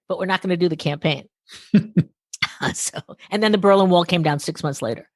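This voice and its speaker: A woman guest telling stories in an interview, acting out quoted dialogue, her voice a little worn and hoarse. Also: low voice, quick pace, pauses often, dry recording, clean studio sound. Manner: animated, acts out quoted dialogue. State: losing her voice. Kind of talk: storytelling interview conversation.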